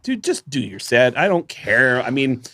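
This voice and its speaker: A man co-hosting a podcast, telling a long story in casual chat, often laughing and jumping his voice up high for quoted lines. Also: sing-song, moderate pace, pushed and bright. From United States. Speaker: podcast co-host.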